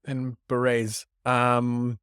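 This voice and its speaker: Recorded dry and studio-quality on a podcast mic, this Canadian male host has a medium-pitched, monotone voice that's clear, resonant and slightly bright, with drawn-out words. He rambles through good-news stories in casual comedic news talk, cracking self-deprecating jokes.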